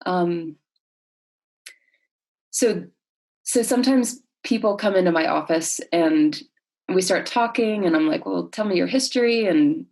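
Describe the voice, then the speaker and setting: A counselor, a woman with a fairly low pitch and darkish tone, discusses her work in an interview-style conversation. She halts often, thinking aloud through fillers and restarts.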